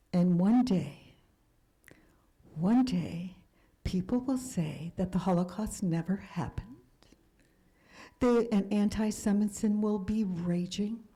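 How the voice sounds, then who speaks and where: Older woman, seventies, guest speaker, personal storytelling, earnest, warm mellow voice. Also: mid-range voice, poor audio. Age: 70s. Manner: earnest, drops to a hush for emphasis.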